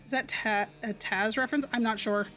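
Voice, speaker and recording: A woman livestreaming a game playthrough, chatting and reading the on-screen text aloud. Her voice is high and she talks quickly. Faint music plays under her voice. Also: steady tone, fairly bright tone. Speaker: streamer.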